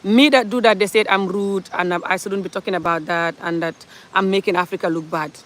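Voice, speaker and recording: Woman, commentary vlog, bright tense tone, passionate, rhetorical questions. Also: lowish voice, steady tone, brisk. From Gambia. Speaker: commentary vlogger. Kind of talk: opinionated social commentary monologue.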